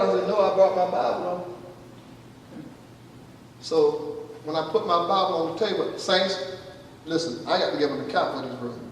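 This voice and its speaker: Man pastor, high voice, storytelling sermon, acts out dialogue, recorded from far off in a church hall. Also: a bit bright. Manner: storytelling, acting out dialogue, calls out "you listening?". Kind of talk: testimony sermon. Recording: echoey hall from far off, faint noise.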